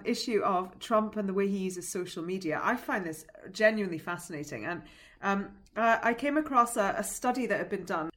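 A woman talks through the politics in a measured, explanatory way, the way a teacher would. She sounds like she is thinking aloud and now and then gives a small laugh. Her voice sits at a middle pitch. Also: fairly bright tone. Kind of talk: analytical podcast discussion.

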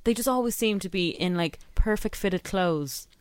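A woman's voice: mid-range voice, moderate pace, no echo. Female co-host, self-deprecating and chatty, dry close mic. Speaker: radio podcast co-host. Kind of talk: casual chat.

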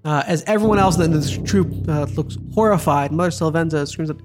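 A game master narrating and running a tabletop role-playing game, describing scenes with lively, stop-start delivery. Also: mid-range voice, a little fast, few pauses, soft background music. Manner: lively narration, frequent restarts.

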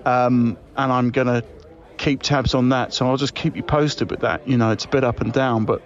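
A man talks in a breezy, matey way, leaving a casual voice message full of fillers. His voice sits at an everyday pitch. The recording is slightly dull and lo-fi. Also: fairly even intonation, moderate pace. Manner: chummy and breezy, saying mate a lot. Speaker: comedy podcast co-host. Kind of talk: improvised comic voice-message monologue.

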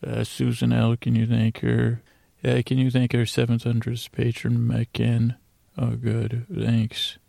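A man's voice: mid-range voice, completely flat delivery, unhurried, gravelly, few pauses, dark tone, no room sound. A man hosting a bedtime podcast, rambling and mumbling with playful asides as he thanks listeners. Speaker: podcast host.

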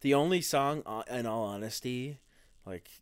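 A man's voice: medium pitch, moderate pace, clear, resonant tone, dry recording. A young man co-hosting a casual album review podcast, laid-back, laughing often and swearing. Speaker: podcast co-host.

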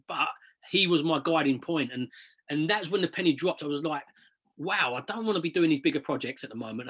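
A man's voice: fairly high pitch, a bit bright, husky. A man who invests in property, telling stories in a chatty, rambling way in an interview, often repeating words as he restarts. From southern England. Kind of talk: casual interview storytelling.

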